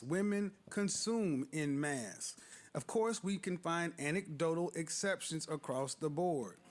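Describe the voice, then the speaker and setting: A man, a show host, arguing on a panel and pressing others with repeated, probing questions. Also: a little high. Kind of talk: panel debate.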